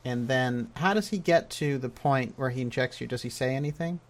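A man's voice: medium pitch, a little fast. A man hosting an interview, asking curious follow-up questions. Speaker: interviewer, host.

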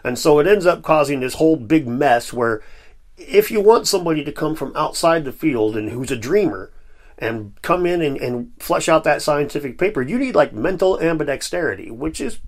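A man's voice: a little high, lively intonation, normal speed. A man hosting his own commentary video in a casual, conversational and self-deprecating way. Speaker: YouTube host.

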